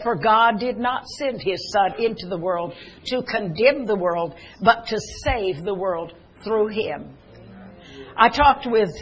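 An older preacher delivers a sermon in a husky, slightly breathy voice. Scripture and verse are read aloud with swelling, dramatic emphasis, at an even middle pitch. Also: poor audio. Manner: reads scripture and recites poetry with rising dramatic emphasis.

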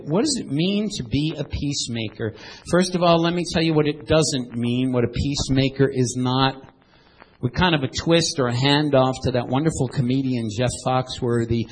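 A man preaching a sermon, animated, moving between loud and hushed and asking the congregation questions. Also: mid-range voice, normal speed, low-quality recording. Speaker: pastor.

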